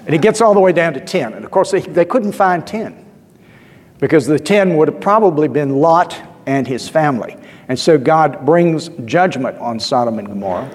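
A man's voice: on the high side, animated, moderate pace. A male pastor giving a sermon in a conversational, storytelling way, with asides and filler words. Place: church. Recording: long church reverb.

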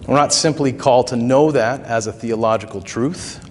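A man's voice: mid-range voice, normal speed, a little hiss or hum. A man preaching a sermon as pastor, conversational, with asides and small chuckles. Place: church sanctuary. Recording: long reverb of a hall.

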